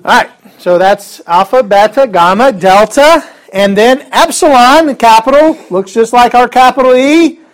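A man's voice: extremely high pitch, normal speed, few pauses. A man teaching a Greek alphabet class in a classroom, upbeat and chatty with joking asides. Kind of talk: classroom lesson.

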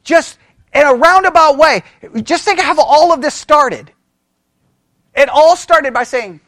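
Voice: high-pitched, measured pace, fairly bright tone, no room sound, clean studio sound. A Bible study teacher who speaks with energy, keeps asking the listeners questions and checking in with "right?", and thinks aloud with restarts.

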